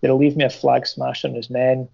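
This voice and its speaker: A man's voice: mid-range voice, level tone, fast, gravelly, a little mellow, dull audio. A man chatting casually about comics on a podcast, hesitant, with many ums and restarts.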